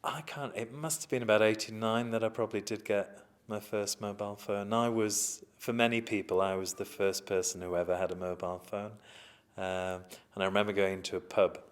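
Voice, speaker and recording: A man's voice: fairly low pitch, fairly even intonation, brisk, clean tone. A middle-aged man, telling chatty, self-mocking stories in an oral history interview.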